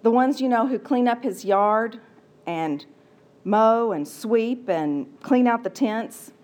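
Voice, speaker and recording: A woman's voice: a little high, expressive, slow pace, a little mellow. A woman preacher telling a story in a sermon, with a conversational manner and playful asides.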